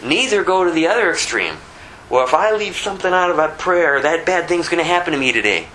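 An older man delivers a loose, conversational sermon, firing off rhetorical questions. His voice is bright and sits a little high. A faint ambient hum runs underneath. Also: animated, a little fast, low-quality recording. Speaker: preacher. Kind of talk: informal sermon.

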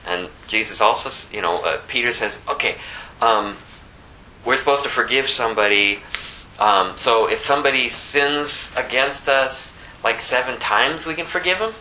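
A man giving an informal sermon, talking conversationally and acting out the people in his stories, climbing high when he stresses a point. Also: sharp tone, a little hiss or hum, poor audio. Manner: conversational, plays out the story characters in quick voices. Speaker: preacher.

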